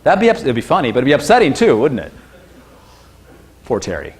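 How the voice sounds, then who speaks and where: A man giving an informal university lecture, chatty and animated, who breaks into high-pitched exclamations when acting out what people say. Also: brisk, slightly rough.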